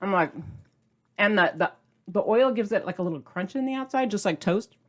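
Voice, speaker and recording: In an expressive, mid-range voice at a fairly quick pace, a middle-aged cooking channel host chats through a casual demo. She gushes with bubbly enthusiasm and now and then talks with food in her mouth.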